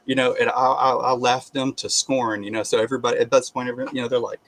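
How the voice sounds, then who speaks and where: A man sharing a personal faith testimony in a casual, halting way, with frequent restarts and bursts of animated laughter. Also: medium pitch.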